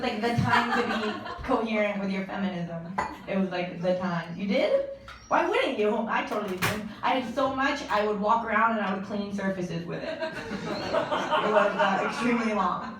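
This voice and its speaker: Young female stand-up, deadpan delivery, mic'd at a distance in a reverberant room with audible room noise. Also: mid-range voice. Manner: deadpan jokes with frequent laughs. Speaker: stand-up comedian. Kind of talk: stand-up set. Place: comedy stage with live audience. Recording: echoey live room from far off.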